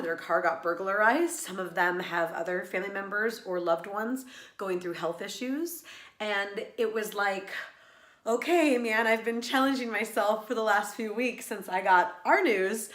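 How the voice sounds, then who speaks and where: Vlogging woman, laughter yoga teacher, earnest and reflective, mid pitch, echoey room. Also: bright, forceful tone. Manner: earnest, reflective, with many fillers and restarts. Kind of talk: personal vlog monologue.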